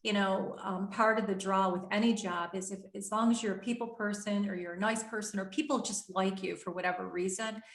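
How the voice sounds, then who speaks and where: A woman's voice: medium pitch, fairly even intonation, fairly quick, hardly any pauses. A woman hosting a TV talk show, enthusiastic and a little rambling as she praises her guest. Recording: echoey studio.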